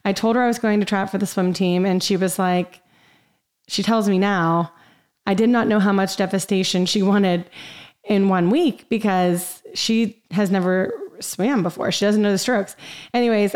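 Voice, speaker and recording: A woman's voice: medium pitch, darkish tone. Woman, podcast host, personal story, upbeat, chatty, casual fillers.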